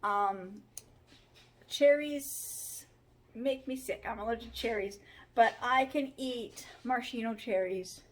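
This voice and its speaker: A woman's voice: fairly high pitch, slow, slight background noise. A woman chatting casually in a home vlog, rambling with frequent ums while sounding tired. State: tired, yawning. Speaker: vlogger. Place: home kitchen pantry.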